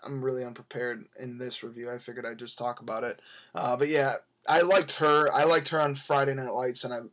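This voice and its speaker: A man's voice: mid-range voice, little pitch movement, a little fast, fairly bright tone. A young man talking casually as he reviews a movie, rambling along with many fillers and restarts.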